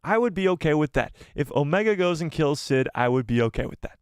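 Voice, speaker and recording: A man hosting a casual live stream, excitably reading viewer comments aloud and swearing casually. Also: on the high side, a little fast, smooth, dry recording, clean studio sound.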